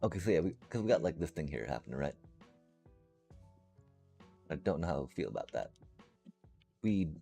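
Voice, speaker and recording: A man's voice: very deep voice, very animated, moderate pace, creaky, long pauses, warm tone, faint music behind. A man streaming a game live, chatting casually and playfully to his viewers in a rambling way. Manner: rambling and playful, addresses chat.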